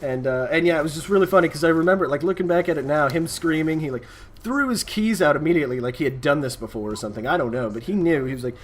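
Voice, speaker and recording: A man chatting through a story time over gameplay, rambling and relaxed. He talks in a slightly higher male voice, full of asides and filler words. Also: quick pace. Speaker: gaming YouTuber.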